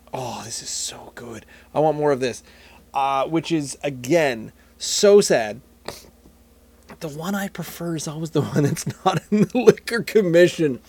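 Tasting beer on his casual solo podcast, a man rambles and makes jokes at his own expense. His voice is fairly high, with no room sound in the recording.

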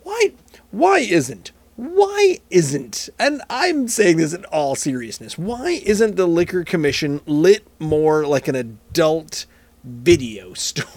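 Slow and a little mellow, this man's fairly high voice swings widely in pitch as he hosts a relaxed beer podcast alone. He rambles, jokes, and mocks himself while tasting, and the recording has no room sound.

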